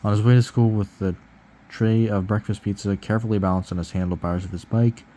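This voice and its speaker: A man's voice: on the low side, fairly even intonation, fairly quick, mellow, slight background noise. A man reading a children's book aloud, breaking off for sarcastic, cursing asides.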